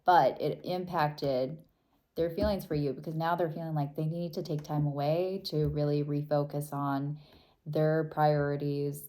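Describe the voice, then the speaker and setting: A tarot reader walks her viewers through a reading, soft and thoughtful. Her low, mellow voice takes its time, trailing off and restarting in casual, unhurried talk.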